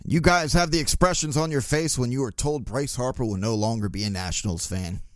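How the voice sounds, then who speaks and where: A man's voice: mid-range voice, fairly quick, no echo, studio quality. A young adult man hosting a sports podcast, talking casually in a blunt, joking, profane way. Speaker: podcast host.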